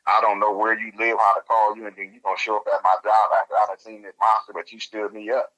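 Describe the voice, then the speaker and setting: A man, telling his story as an interview guest in a casual, animated way and laughing as he goes. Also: on the low side, quick pace, poor audio.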